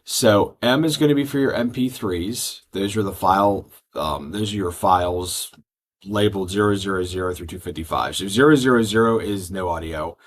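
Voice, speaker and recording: Low-voiced man walking through setup. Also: normal speed. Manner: steady step-by-step instruction with frequent ums. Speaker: product trainer. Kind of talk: screen-recorded software tutorial.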